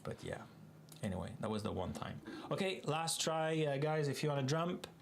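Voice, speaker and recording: A man's voice: a little high, very animated, normal speed, a little hiss or hum. A man with a French Canadian accent, a native French speaker, chatting casually and rambling through asides while hosting a live coding stream.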